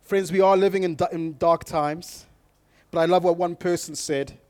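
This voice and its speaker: Male pastor, high voice, sermon, direct to the congregation, emphatic preaching. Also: moderate pace, no room sound. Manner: builds from calm reading to loud, emphatic preaching; addresses the congregation directly with audience prompts.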